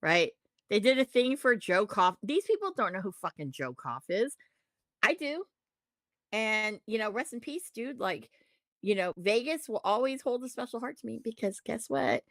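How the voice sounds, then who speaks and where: A woman with a fairly high voice rants in casual wrestling-podcast chat, swearing freely and getting worked up. The sound is dry and close, with no room echo. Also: normal speed. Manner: profane, ranting, animated. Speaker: podcast co-host.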